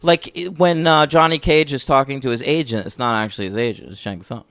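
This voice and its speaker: A man's voice: mid-range voice, a little fast, dry recording. A man co-hosting a film podcast, chatting casually with crude jokes. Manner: crude, joking, lively. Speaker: podcast co-host. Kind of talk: casual film review chat.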